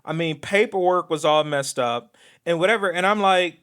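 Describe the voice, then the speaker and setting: A man co-hosting a podcast in casual chat, telling lively stories and sometimes slipping into patois-style phrasing. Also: on the high side, normal speed, clear, resonant tone. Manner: animated storyteller, slips into patois phrasing. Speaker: podcast co-host, designer.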